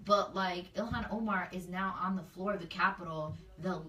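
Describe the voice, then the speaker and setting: A woman's voice: lowish voice, normal speed, sharp tone, recorded from a distance. A woman community organizer in a casual interview, speaking earnestly and loosely with lots of fillers. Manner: earnest, talks freely with many fillers. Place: indoor room, livestream. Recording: echoey room, off-mic.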